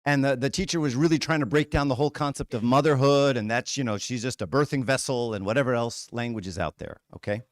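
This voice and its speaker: A man's voice: medium pitch, fast, hardly any pauses, dry recording. Frank, casual male church speaker, dry sound. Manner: casual, frank, uses many rhetorical "right?" and "okay?". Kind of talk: conversational church talk.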